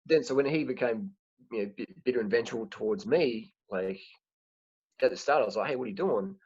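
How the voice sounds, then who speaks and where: A husky-voiced man talks frankly in a loose, rambling way, often restarting his words. The sound is dry and a little dull, like a lo-fi home recording. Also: mid-range voice, brisk, a little mellow, no room sound. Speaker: host. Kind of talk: casual chat.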